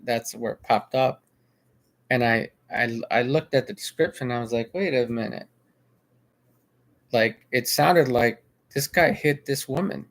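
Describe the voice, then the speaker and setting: A man casually recounting a video he watched, rambling, restarting his sentences and repeating himself. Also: mid-range voice. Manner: rambling with frequent restarts and filler. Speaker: vlogger. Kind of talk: casual spoken commentary.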